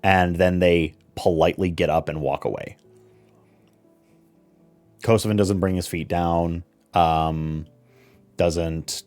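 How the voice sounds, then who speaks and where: A man narrating as game master of a tabletop role-playing game, relaxed with lots of fillers. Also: a bass voice. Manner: relaxed, many fillers and restarts.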